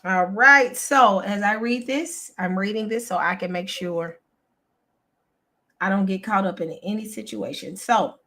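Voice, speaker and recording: A woman's voice: medium pitch, a little slow, bright, forceful tone. A woman, hosting a casual chat for her viewers, exasperated and chatty, calling them y'all. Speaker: channel host.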